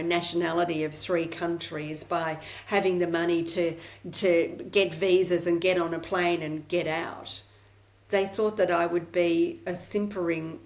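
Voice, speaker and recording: Middle-aged woman journalist guest, lowish voice, candid and forthright. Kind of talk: podcast interview.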